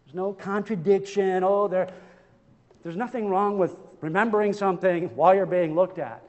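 A man's voice: high voice, steady tone, normal speed, darkish tone, big-room sound, dull audio. A male pastor preaching a sermon, impassioned, with rhetorical questions and repeated phrases.

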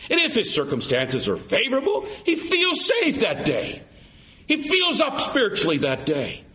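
A man's voice: sits high, a bit bright. A man preaching a sermon, emphatic and full of rhetorical questions.

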